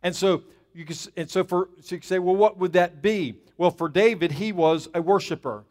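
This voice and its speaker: A man's voice: sits high, fairly quick, a little mellow. A man preaching a sermon, emphatic and plainspoken, dropping asides to the congregation. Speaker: pastor.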